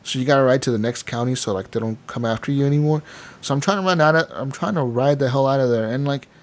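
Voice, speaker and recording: Give me a man casually telling game stories on a podcast, average-pitched and rambling. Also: quick pace. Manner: rambling storyteller, lots of "like" and "dude". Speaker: podcast co-host. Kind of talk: casual chat.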